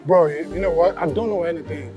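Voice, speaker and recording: A man's voice: a little high, fast, dull audio, over music, lightly acted. An actor playing an anxious young man with an American accent who pleads with the doctor. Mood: uneasy. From United States. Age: young adult.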